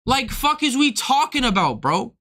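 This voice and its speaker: Young male comic, profane and heated, forceful bright voice, rants and slips into act-outs. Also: very high voice, sing-song, normal speed. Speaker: comedian streaming to viewers. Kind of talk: casual ranting monologue.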